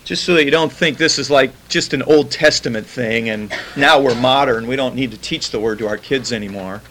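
A man's voice: medium pitch, fairly bright tone, slight background noise, low-quality recording. Man teaching a casual Bible lesson. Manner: conversational, reads scripture slowly, repeats key words. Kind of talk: informal sermon.

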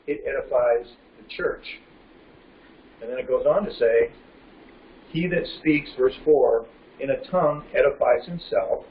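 A man's voice: medium pitch, slight background noise. Man teaching scripture in a roomy hall. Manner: asks the audience questions and answers them himself; reads scripture slowly and deliberately. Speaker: Bible teacher. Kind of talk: sermon, teaching verse by verse. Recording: roomy, distant, dull lo-fi recording with faint ambience.

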